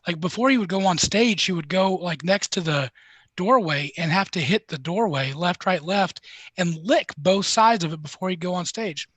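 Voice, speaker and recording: A man's voice: sits high, moderate pace, a bit bright, slightly rough, no echo. A man hosting a casual podcast chat, leading each round and laughing easily. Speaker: podcast host.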